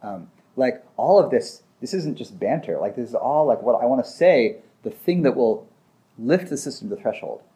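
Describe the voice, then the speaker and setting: A man's voice: medium pitch, animated, moderate pace, warm tone. A man giving a casual teaching talk, thinking aloud with frequent restarts and acting out short examples.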